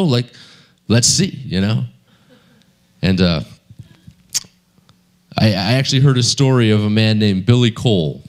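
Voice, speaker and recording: Male preacher with a relaxed storytelling delivery. Lively intonation, unhurried. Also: on the low side. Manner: conversational storytelling with many fillers. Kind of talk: sermon.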